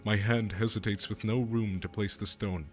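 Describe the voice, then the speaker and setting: A man's voice: fairly low pitch, fairly even intonation, normal speed, faint music behind, close to an everyday voice. Man reading a solemn, formal game character.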